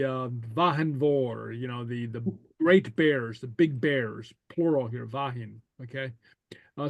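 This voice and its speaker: A man teaching a relaxed language class, speaking slowly and hesitantly with lots of okays and soft chuckles, sounding out new words for his students to repeat. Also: mid-range voice, no echo.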